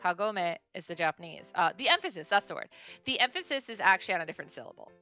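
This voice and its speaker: Woman streamer teaching a lesson, bright voice, chatty with lots of ums, bit muffled audio. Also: on the low side, sing-song, very fast, soft background music. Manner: chatty, with frequent fillers and self-corrections. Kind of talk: casual livestream lesson.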